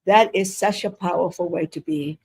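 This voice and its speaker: Older woman guest with a gravelly, husky voice who tells animated stories and acts out dialogue. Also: on the low side, moderate pace. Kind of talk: casual storytelling interview.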